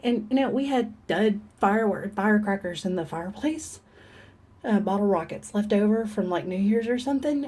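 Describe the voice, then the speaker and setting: A woman talks to camera in a confessional vlog, her voice mellow and slightly husky. She is earnest and halting, often restarting her thoughts as she opens up. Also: medium pitch. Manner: earnest, halting, openly emotional. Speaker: vlogger. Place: room in the dark.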